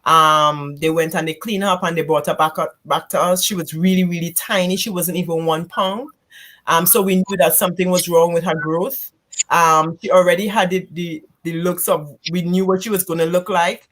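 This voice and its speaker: A woman, a guest giving a candid personal testimony in a church couch conversation, halting and emotional. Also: on the low side, steady tone. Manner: halting, emotional, re-enacts quoted speech loudly.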